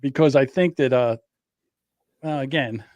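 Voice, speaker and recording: A man's voice: mid-range voice, a little slow, a little mellow, no echo, muffled recording. A man co-hosting a podcast who chats casually and tells boastful, joking stories. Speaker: podcast co-host. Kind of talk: casual chat.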